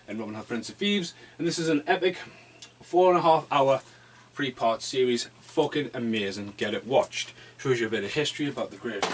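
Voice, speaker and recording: A man talks through a pile of movies in a loose home vlog, rambling from one thought to the next and swearing freely. His voice sits at an ordinary middle pitch. A faint background hiss sits under the recording in his dim room. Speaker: movie reviewer. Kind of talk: casual movie review vlog.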